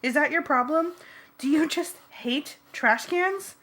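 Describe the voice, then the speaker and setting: A woman voicing a yelling teenage boy leader. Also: sits high, slow pace. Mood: exasperated. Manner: shouting, exasperated.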